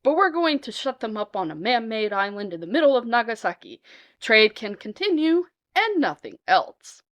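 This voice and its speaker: A woman's voice: on the high side, very animated, normal speed, a bit bright. A woman voicing a stern male shogun who issues commanding, emphatic decrees in a storytelling performance. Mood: decreeing.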